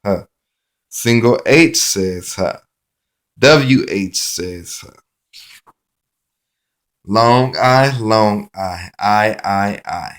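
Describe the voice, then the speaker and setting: Male phonics teacher, slightly low voice, unhurried sing-song drilling of letter sounds. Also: fairly bright tone. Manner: chanting sound cards in a sing-song rhythm; slow, deliberate, repetitive.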